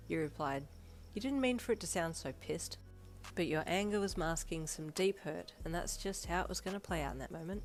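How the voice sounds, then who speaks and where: A woman reading second-person fanfiction aloud, narrating in a steady, even storytelling voice. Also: deep voice, brisk. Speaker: fanfiction reader. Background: soft background music.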